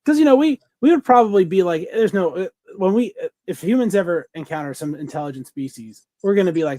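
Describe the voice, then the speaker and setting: A man's voice: high-pitched, animated, fast talker, mellow, no echo. A man co-hosting a podcast, chatting casually and enthusiastically in a rambling way, full of fillers and restarts. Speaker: podcast co-host. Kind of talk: casual review chat.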